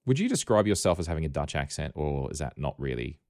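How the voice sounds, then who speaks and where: A man's voice: very deep voice, big pitch swings, quick pace, darkish tone, dry recording, studio quality. A man with an Australian accent hosting a casual tech podcast, rambling and wry, often correcting himself mid-sentence. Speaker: podcast host.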